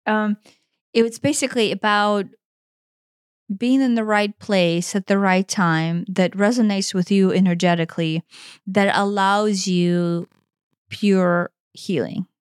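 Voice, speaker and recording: A woman's voice: mid-range voice, fairly even intonation, slow, clear, resonant tone, no room sound, clean studio sound. A woman in her forties co-hosting a podcast, talking in an earnest, emotional way and swearing freely. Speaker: podcast co-host. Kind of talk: casual conversation.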